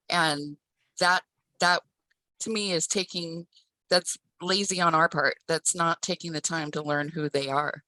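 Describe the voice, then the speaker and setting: A woman's voice: sits low, steady tone, unhurried, bright, forceful tone, no echo, poor audio. A woman and former teacher joining a discussion, speaking earnestly with restarts. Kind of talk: casual discussion.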